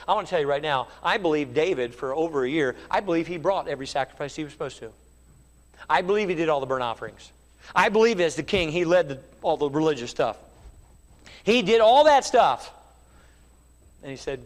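A man's voice: on the high side, lively intonation, moderate pace, in a large hall. A man preaching a sermon with fervent rhetorical questions and acted-out quotes. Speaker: pastor.

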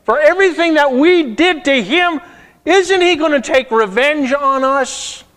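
A preacher acting out panicked begging brothers, high and frantic. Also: male voice, lively intonation, a little slow, big-room sound, exaggerated voice. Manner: frantic, pleading, raised high and loud. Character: terrified grown brothers begging, panicked male voices.

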